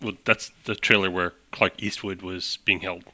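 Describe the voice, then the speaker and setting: A man narrating as game master of a tabletop game, talking in animated quick bursts with restarts. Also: deep voice.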